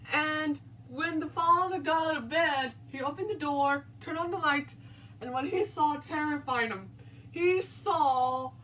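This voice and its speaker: High-voiced woman telling a spooky story. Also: fairly bright tone. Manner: rambling, halting narration with restarts. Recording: distant mic, faint background noise.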